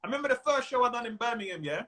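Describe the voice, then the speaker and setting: A high, bright-voiced man with a London accent talks in a relaxed interview. He is animated, peppers his talk with street slang and keeps slipping into quick impressions of other people. His tone is sharp and forward. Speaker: comedian guest. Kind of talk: casual interview chat. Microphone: Instagram live stream.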